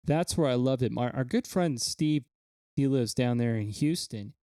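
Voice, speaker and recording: A man's voice: medium pitch, moderate pace, mellow, no room sound, clean studio sound. A man co-hosting a casual podcast chat, reading out fun facts with enthusiasm and stumbling over words now and then. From Kansas. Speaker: podcast co-host.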